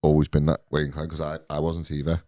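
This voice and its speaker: Host, man, late 30s, very low dark voice, easygoing delivery, dry close sound. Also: monotone, quick pace, no echo. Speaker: podcast host. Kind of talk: casual chat.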